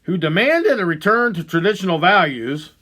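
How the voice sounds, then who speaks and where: A man hosting a podcast, delivering a profane, heated monologue that swings between loud outbursts and low muttering. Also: animated, normal speed. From Ohio. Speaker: podcast host. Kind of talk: angry ranting monologue.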